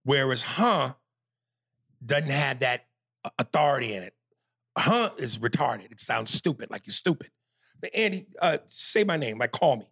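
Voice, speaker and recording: A man's voice: medium pitch, lively intonation, normal speed, gravelly, fairly bright tone, husky, dry recording, clean studio sound. A man co-hosting a podcast, talking casually, profane and emphatic, arguing with mock outrage. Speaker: podcast co-host.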